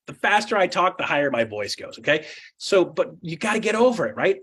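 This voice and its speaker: A man coaching real estate agents in a fast, punchy teaching talk, acting out client dialogue and often adding a quick "okay?" or "right?". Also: sits high, very animated, fairly bright tone. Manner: fast and punchy, with frequent tag questions.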